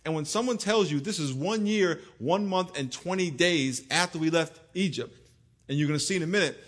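A middle-aged male pastor preaching a sermon in an animated, humorous way, calling on the congregation to answer back. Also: fairly high pitch, a little fast.

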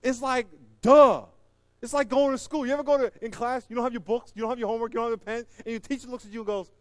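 A middle-aged male pastor preaching a sermon. He swings between loud, high exhortation and hushed closing prayer. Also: fairly even intonation, quick pace, no room sound.

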